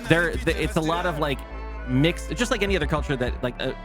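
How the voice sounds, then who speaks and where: A man's voice: fairly high pitch, quick pace. A man hosting a livestream, chatting casually and profanely in a rambling way over gameplay. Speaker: streamer host. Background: game music.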